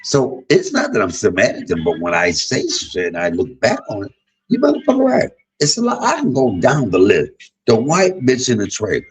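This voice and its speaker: Man in his fifties, very low and husky, swings his pitch widely; blunt, profane livestream storyteller. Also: wildly swooping pitch, normal speed, low-quality recording. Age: 50s. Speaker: livestream host. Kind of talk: candid livestream monologue.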